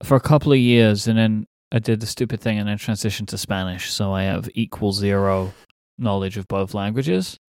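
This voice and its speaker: Relaxed man, dry sound. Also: fairly low pitch, normal speed, few pauses, no room sound. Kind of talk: casual podcast chat.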